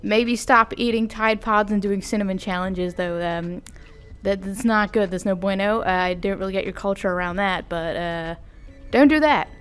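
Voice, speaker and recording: A woman's voice: mid-range voice, normal speed, faint music behind. A young adult woman vlogging in a casual, rambling, self-deprecating chat with giggly asides. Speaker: vtuber vlogger.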